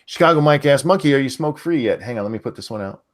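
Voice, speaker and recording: A man's voice: mid-range voice, lively intonation, fast talker. A man hosting a casual livestream, reading out viewer messages in a rambling, stammering, profane way. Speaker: host reading super chats.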